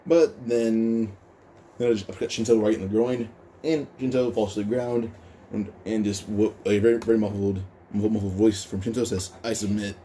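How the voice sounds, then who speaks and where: A man narrates a fan story in a casual, fast, stumbling way, often restarting his phrases. His voice sits low-ish with a mellow, dark tone. There is faint noise behind. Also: steady tone.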